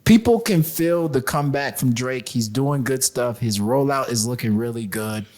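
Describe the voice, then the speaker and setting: A man's voice: mid-range voice, normal speed, a little mellow. A man co-hosting a casual podcast chat, talking emphatically and passionately, often repeating words when he gets worked up. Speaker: podcast co-host.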